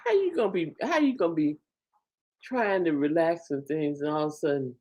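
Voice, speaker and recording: A woman hosting a casual live stream, chatting with her viewers in a lively, talkative way and laughing often. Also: deep voice, brisk, lo-fi sound. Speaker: livestream host.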